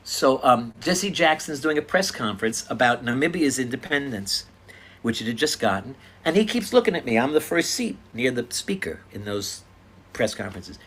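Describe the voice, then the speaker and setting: An older man earnestly retelling his own encounters in a casual, animated storytelling style. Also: on the high side, normal speed, a little hiss or hum. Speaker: speaker sharing personal stories.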